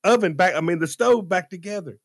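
A man's voice: high voice, a little fast, no echo, studio quality. A middle-aged man co-hosting a radio show, telling a self-deprecating story and acting out the dialogue. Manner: animated, self-deprecating storyteller who acts out quoted dialogue. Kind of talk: casual talk radio storytelling.

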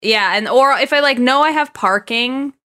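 A woman's voice: sits high, normal speed, bright, forceful tone. A woman guesting on a casual podcast, chatting in an easygoing, candid way.

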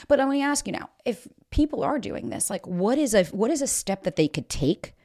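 A woman's voice: a little high, very animated, brisk, hardly any pauses, darkish tone, no room sound, studio quality. A woman hosting a podcast, talking candidly and animatedly, swearing freely. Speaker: podcast host. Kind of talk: casual candid chat.

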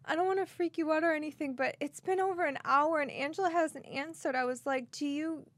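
A woman's voice: high-pitched, a little fast, dry recording. A young woman with a Boston accent, co-hosting a podcast and telling a story in casual chat, acting out each scene dramatically. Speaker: podcast co-host.

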